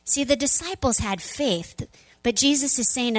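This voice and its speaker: A woman pastor giving a sermon, retelling a story in a conversational, animated way. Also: high voice, a little slow, rough recording.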